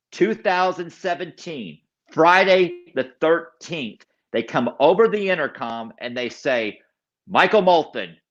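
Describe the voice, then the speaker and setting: A man's voice: a little high, a bit bright, highs cut off. A man guest telling his personal recovery story in an interview. He is an emphatic storyteller who repeats key phrases and acts out other people's lines. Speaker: podcast guest.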